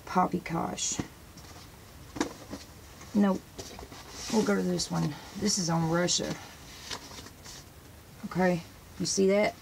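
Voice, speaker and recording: Woman host, gravelly voice, casual and rambling, eager to show pictures from her books. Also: lowish voice, steady tone, slow pace, long pauses, background noise. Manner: sprinkles praise phrases into talk. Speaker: religious video host. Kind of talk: casual show-and-tell talk to camera.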